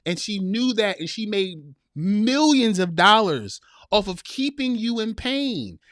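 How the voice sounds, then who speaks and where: A middle-aged man preaches to his listeners in loose, slang-filled talk and reads their comments aloud. His voice sits a little high for a man. The sound is dry and close, with no room around it. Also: big pitch swings, a little slow, a bit bright, dry recording. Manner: preachy, laughs a lot, drawls with slang. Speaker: podcast host reading live chat. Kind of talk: casual live-stream commentary.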